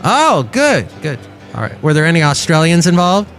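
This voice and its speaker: Podcast host, male, animated pitch, rambling comic monologue over faint music. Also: moderate pace. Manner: rambling storyteller with a lively, bouncing delivery and many restarts. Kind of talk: casual comedic monologue.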